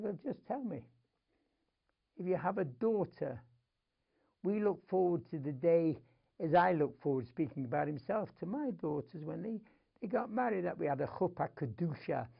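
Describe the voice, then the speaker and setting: Gravelly older man from Manchester. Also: fairly high pitch, lo-fi sound. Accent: Manchester English. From England. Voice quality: gravelly, husky. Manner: emotional storyteller, dropping to whispers and rising to urgent outbursts. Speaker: guest. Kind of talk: storytelling in a TV interview.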